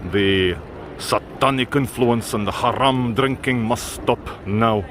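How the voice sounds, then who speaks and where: A stern cleric solemnly proclaims an order, as a man puts him on. He speaks in a lowered, grave tone. Traffic and street sounds carry clearly behind him. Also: slow pace, close to an everyday voice. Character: stern male cleric issuing a decree. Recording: outdoor street noise.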